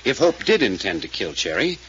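An actor playing a brisk male investigator who questions witnesses closely, in 1940s radio acting style. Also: on the low side, big pitch swings, sharp tone, breathy edge, heavily acted. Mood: probing. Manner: brisk and probing. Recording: lo-fi old radio recording with faint hiss.

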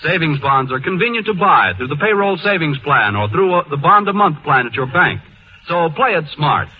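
A man's voice: a little high, animated, normal speed. A male announcer reading a scripted savings bond announcement on an old radio show. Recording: dull old radio broadcast, faint hiss.

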